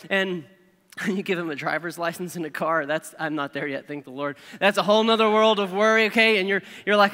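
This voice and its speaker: A middle-aged man, preaching a sermon with animated, self-deprecating storytelling and acted-out inner voices. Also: high-pitched, a little fast. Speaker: pastor. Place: large church hall. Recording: reverberant hall.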